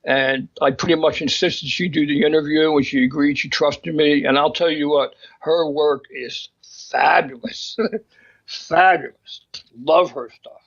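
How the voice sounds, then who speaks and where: A man's voice: on the high side, fairly even intonation, moderate pace, a bit bright, dull audio. A man co-hosting a casual chat, talking emphatically and opinionatedly in bursts, with frequent restarts. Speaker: magazine co-host discussing photographers.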